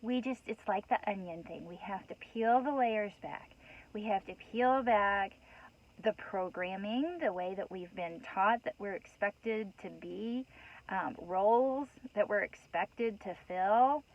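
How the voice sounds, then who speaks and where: A woman's voice: medium pitch, unhurried, muffled recording. A woman giving a heartfelt spiritual talk to her viewers, earnest and rambling, with many restarts and "you know"s, emotional and a bit worked up. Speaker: host.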